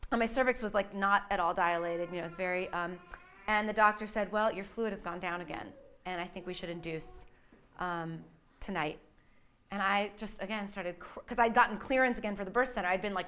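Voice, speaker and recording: A woman's voice: mid-range voice, a bit bright. A woman telling her birth story casually, rambling with lots of fillers and restarts, livening up when she quotes others.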